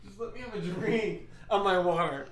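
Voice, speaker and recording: A man's voice: sits high, moderate pace, fairly bright tone. A young man co-hosting a podcast in casual chat, joking around and laughing often. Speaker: podcast co-host. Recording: echoey room.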